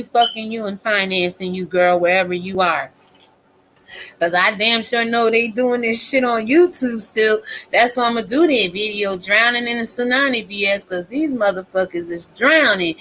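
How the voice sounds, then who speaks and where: A woman's voice: mid-range voice, fairly bright tone, slight background noise, rough recording. A woman content creator ranting in a casual vlog, preaching with scripture and lots of cursing. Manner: profane, preachy and fiery; quotes scripture. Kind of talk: casual commentary vlog rant.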